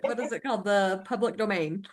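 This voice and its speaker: A woman's voice: medium pitch, a little fast. A woman hosting a podcast interview, chatting casually with short, friendly affirmations. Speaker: podcast host.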